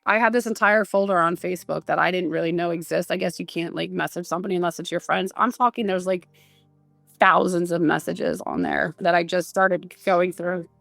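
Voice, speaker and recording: A woman with a low, gravelly voice shares casual stories as a podcast guest. She rambles and acts out what others said to her, with plenty of "like" and "um". The sound is dry and close. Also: steady tone, brisk, fairly bright tone, no echo, faint music behind. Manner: rambling anecdotes with many fillers and acted-out quotes. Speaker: guest, bereaved mother and advocate.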